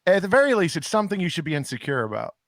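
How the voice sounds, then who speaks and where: A man's voice: sits high, big pitch swings, very fast, fairly bright tone. A man co-hosting a comedy podcast, chatting casually in a teasing, wisecracking way. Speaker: podcast co-host.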